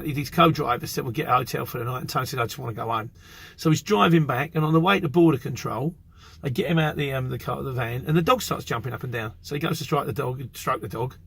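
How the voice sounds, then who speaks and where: A man's voice: on the high side, gravelly, fairly bright tone, husky. A middle-aged English man with an English accent, a courier driver telling a rambling story in a casual vlog.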